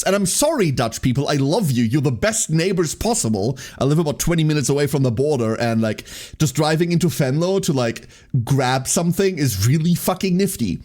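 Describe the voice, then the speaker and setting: A man chatting casually on a live stream, reading and answering messages from his chat. His voice sits slightly high and swings widely in pitch. He rambles from topic to topic and often laughs. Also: darkish tone.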